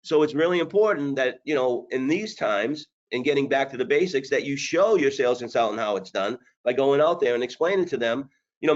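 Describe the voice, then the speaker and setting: A man's voice: mid-range voice, lively intonation, brisk, lo-fi sound. A man coaching sales managers on a webinar, blunt and hard-driving, with jokes along the way. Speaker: sales trainer.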